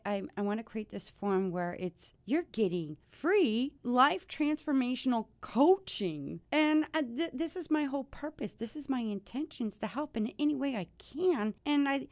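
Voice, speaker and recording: A woman's voice: mid-range voice, a little mellow. A woman hosting her own life-coaching podcast, talking in an effusive, grateful way with many restarts, teary from joy. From United States. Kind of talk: casual podcast monologue.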